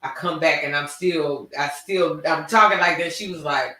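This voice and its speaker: An animated man holds forth in casual conversation, drawling and slangy as he tells his stories. His voice sits high and bright. The room around him rings with echo. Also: normal speed, distant mic. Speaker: podcast host. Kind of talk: casual chat. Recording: echoey room.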